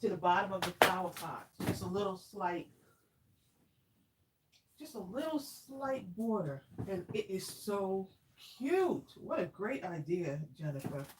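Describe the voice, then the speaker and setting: A woman's voice: mid-range voice, animated, measured pace, noisy background. A woman hosting a live crafting stream, chatting casually with viewers, greeting them by name and saying "y'all" a lot. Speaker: craft livestream host.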